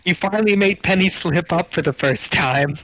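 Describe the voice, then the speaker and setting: A man's voice: sits high, moderate pace, fairly bright tone, rough recording. A man narrating as game master of a tabletop game, wry and a little exasperated.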